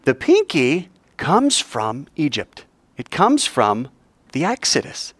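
Lively man teaching a Bible class, playful and expressive, recorded dry and close. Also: a little high, slow, slightly rough, no echo. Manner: lively, playful, joking with students.

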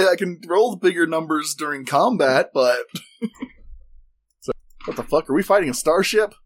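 A man's voice: a little high, expressive, moderate pace. A man playing in a tabletop game, joking, exclaiming and swearing casually. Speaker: player.

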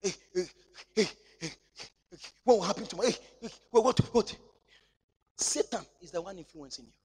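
A man preaching a sermon in church, swinging between shouting and near-whispering. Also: sits high, fairly quick, breathy edge. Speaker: pastor.

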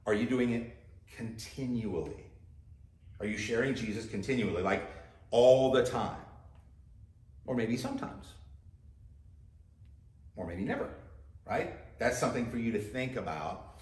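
A man's voice: mid-range voice, very animated, measured pace, long pauses, a little mellow, echoey room. A man preaching a sermon as pastor, talking conversationally and putting direct questions to his listeners.

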